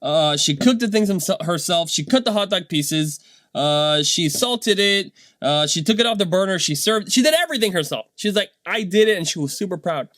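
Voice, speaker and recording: A man, a dad, telling a casual motivational story in a rambling, animated way, tagging his points with "right?". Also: high voice, normal speed, no echo. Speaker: vlogger and dad.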